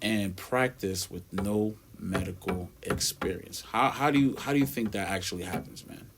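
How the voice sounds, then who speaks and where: A man's voice: on the low side, normal speed, background noise. A young man co-hosting a podcast, explaining earnestly step by step with figures. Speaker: podcast co-host. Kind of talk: casual podcast chat.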